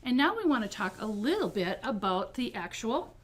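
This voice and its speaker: A middle-aged woman with a slightly high voice talks casually in a quilt shop. She is enthusiastic and chatty. She hesitates with ums and repeats words like beautiful. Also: big pitch swings, normal speed. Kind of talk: casual product presentation.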